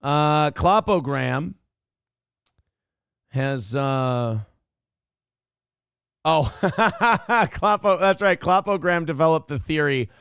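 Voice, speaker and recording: A man's voice: a little high, drawn-out words, vocal fry, long pauses, fairly bright tone, smooth, no echo, studio quality. A male show host giving blunt, profane, mocking commentary on a livestream.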